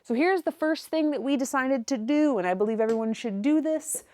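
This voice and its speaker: A woman's voice: high voice, fairly quick, warm tone. A young woman talking casually to camera from her home office, a bit out of breath, acting out her own inner voice. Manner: chatty, acts out her own inner voice with upswings. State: a little out of breath. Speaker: reselling business vlogger. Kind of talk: casual vlog to camera with a whiteboard. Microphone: clip-on wireless mic.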